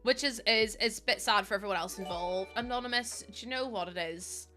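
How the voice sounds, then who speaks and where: A woman's voice: medium pitch, brisk, bright, forceful tone, faint music behind. A young woman with a Northern Irish accent, chatting casually and self-mockingly while live-streaming, often laughing and reading chat aloud. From Northern Ireland.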